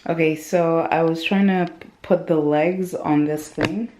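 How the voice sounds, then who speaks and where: A woman with a deep, low voice talks her way through a home vlog at an easy, unhurried pace. She rambles casually, leaning on fillers as she thinks aloud. Clear background noise from the home sits under her voice. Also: fairly even intonation. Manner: chatty, rambling with frequent "like". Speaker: vlogger. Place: at home, indoors.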